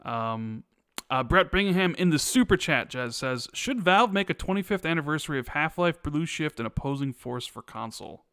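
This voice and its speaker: A man co-hosting a casual gaming podcast, relaxed, reading out viewer chat messages. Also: a little high, normal speed, clean tone, no echo, studio quality. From United States. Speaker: podcast co-host.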